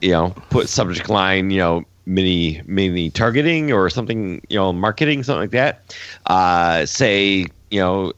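A man's voice: deep voice, lively intonation, moderate pace, fairly bright tone, dry recording, dull audio. A man co-hosting a casual podcast, asking listeners meandering questions padded with fillers.

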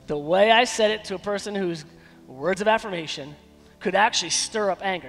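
A man preaching a sermon as pastor, emphatic, with dramatic pauses. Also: high-pitched, lively intonation, a bit bright, big-room sound, faint music behind. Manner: acts out quoted dialogue in shifting voices. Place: church sanctuary.

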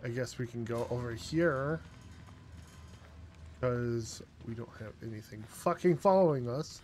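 A man commenting on his own horror game playthrough, exasperated and swearing often as he yells at the game. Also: medium pitch, a little slow, slight background noise. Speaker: gameplay commentator. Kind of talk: let's play commentary.

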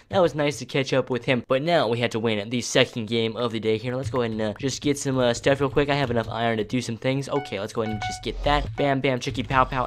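A young man hosting a gaming channel, chatting casually and excitably with viewers as he plays. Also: mid-range voice. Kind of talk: casual gameplay commentary. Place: home room at night.

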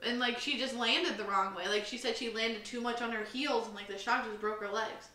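On a casual podcast, a young woman co-host rambles through her stories, filling them with fillers. She speaks fairly quickly in a slightly high, bright, forceful voice with a steady tone, recorded on a roomy, slightly distant mic.

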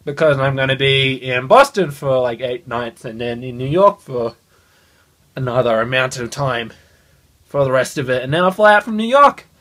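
A young man vlogging into a phone held at arm's length, excited and swearing a lot. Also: mid-range voice, normal speed. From Australia. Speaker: gaming channel host. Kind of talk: casual vlog.

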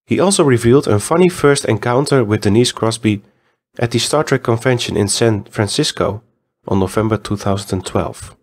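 A man hosting a podcast and reading a news segment in an even, read-aloud way. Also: on the low side, normal speed. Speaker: podcast host.

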